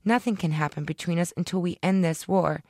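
A woman's voice: lowish voice, brisk, dark tone, no echo. A woman reading as a bossy young rebel woman. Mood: insistent. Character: self-important scheming young woman rebel.

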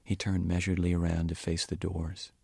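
A man reading from his novel in a measured, quiet way, at times almost whispering. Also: low voice, monotone, gravelly, slightly rough, no echo, studio quality. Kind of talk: audiobook-style reading.

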